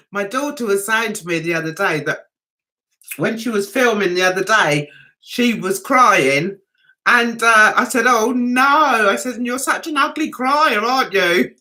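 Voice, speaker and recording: A woman's voice: on the high side, sharp tone. A middle-aged woman hosting a casual livestream, reading out comments, chatting to viewers and laughing often. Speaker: livestream host.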